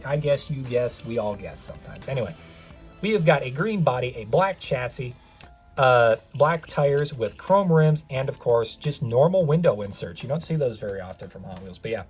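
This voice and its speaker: A young man talks through a toy car review in a loose, rambling way. He keeps drifting into asides and pokes fun at himself. His voice sits at an ordinary middle pitch, with faint music underneath. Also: expressive, normal speed, darkish tone, husky. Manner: chatty, rambling, self-mocking asides. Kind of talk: casual unboxing review.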